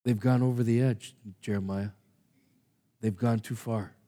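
A man preaching a sermon, reading scripture aloud and swinging from hushed asides to loud, emphatic passages. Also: fairly low pitch, steady tone, unhurried. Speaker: pastor.

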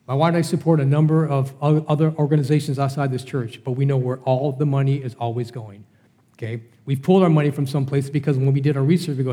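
A man's voice: on the high side, fairly quick, mellow. A middle-aged man preaching a Bible study sermon in a conversational way, asking rhetorical questions. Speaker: pastor.

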